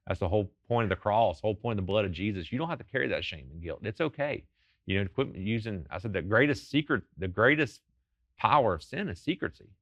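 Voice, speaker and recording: Deep fast-talking man. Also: fairly bright tone, no echo, highs cut off. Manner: fervent storytelling, quick and earnest. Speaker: ministry founder and guest. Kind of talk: testimony in a TV interview.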